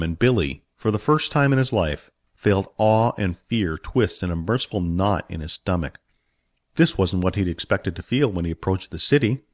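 Casting: male audiobook reader, low-ish voice that moves a lot, dry close recording. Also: no echo. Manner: expressive storytelling. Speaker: audiobook narrator. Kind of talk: scripted storybook narration.

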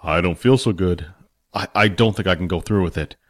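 Casting: man playing a gentle, simple-minded barbarian for an audiobook, deep and unhurried. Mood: naive. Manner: slow, lower, simple-minded. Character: big naive barbarian man Billy.

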